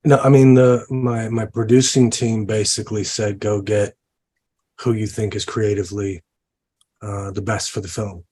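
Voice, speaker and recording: A man's voice: fairly low pitch, flat delivery, moderate pace, a little mellow, breathy edge. A man, a film director, talking about his film in an interview, with many fillers and restarts. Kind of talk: interview conversation. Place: lives in New Orleans.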